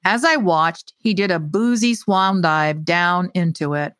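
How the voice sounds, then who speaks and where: Woman author reading her story aloud, expressive, dry close mic. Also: fairly low pitch, a little slow, no room sound. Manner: expressive reading, hesitant in chat. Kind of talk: storytelling reading, then casual chat.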